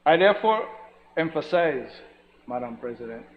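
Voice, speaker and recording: A man with a Belizean accent giving a formal, measured speech in a senate chamber, stressing each point. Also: a little high, expressive. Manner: measured, emphatic, repeats formal address. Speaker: senator presenting a resolution. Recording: lo-fi recording with long hall reverb and faint noise.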